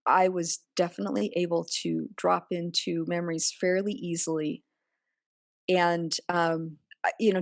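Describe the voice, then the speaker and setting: A woman with a deep voice is interviewed on a podcast about personal matters, speaking earnestly. She often recreates remembered exchanges by performing other voices, and the sound is clean studio audio without echo.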